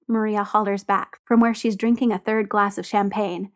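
Female audiobook narrator, even and expressive. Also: medium pitch, fairly quick, hardly any pauses. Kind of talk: reading fiction aloud.

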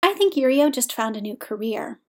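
Brief: soft-spoken patient skater guy, read by a woman. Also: on the high side, lively intonation, normal speed. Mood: wry.

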